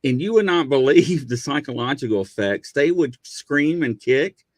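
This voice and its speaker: A middle-aged man and former police officer telling stories in a casual chat, acting out quotes in high voices. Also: moderate pace, no room sound. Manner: animated storyteller, acts out quotes in high voices.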